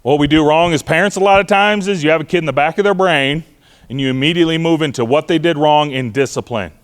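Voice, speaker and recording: A man's voice: a little high, quick pace, clear, resonant tone. Male speaker, middle-aged, punchy talk to a parent audience, repeats catchphrases. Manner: energetic, conversational, with repeated mantras. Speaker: speaker on trauma-informed care. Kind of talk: presentation to parents. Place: school auditorium.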